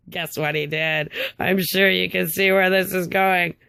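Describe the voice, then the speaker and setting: A woman's voice: lowish voice, fairly even intonation, measured pace, creaky, few pauses, bright, forceful tone, clean tone, no room sound. An older woman telling a story in a rambling, upset way, with stumbling restarts and bitter, sarcastic laughs. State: upset, tongue-tied. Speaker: vlogger. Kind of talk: casual storytelling monologue.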